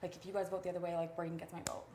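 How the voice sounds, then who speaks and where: A woman talking strategy in a hushed voice, filling her sentences with "like". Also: lowish voice, flat delivery, very fast, slight background noise. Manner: quiet, hushed scheming with many fillers. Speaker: reality show houseguest.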